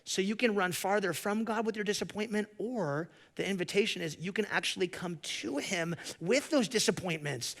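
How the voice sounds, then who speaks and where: Pastor, male, high-pitched, earnest preaching cadence, rhetorical questions, acts out the listener's thoughts. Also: fairly bright tone. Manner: voices the listener's inner thoughts in quoted asides. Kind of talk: sermon.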